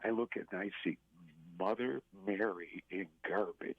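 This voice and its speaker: A man telling a personal story as a radio interview guest, earnest and halting, with many restarts. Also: lowish voice, husky, no room sound. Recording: tinny phone line.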